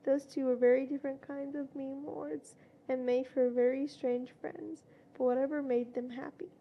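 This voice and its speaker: A woman reading a fanfiction story aloud in a plain storytelling way, with louder voices for quoted shouts. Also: sits high, little pitch movement, normal speed, muffled recording. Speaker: fanfiction reader.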